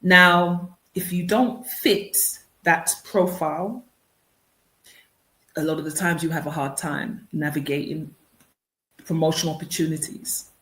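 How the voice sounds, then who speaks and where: A woman's voice: deep voice, steady tone, unhurried, sharp tone. A woman speaking as an author and consultant in an interview, explaining things earnestly and often repeating words as she starts a thought again. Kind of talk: radio interview answers. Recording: roomy echo.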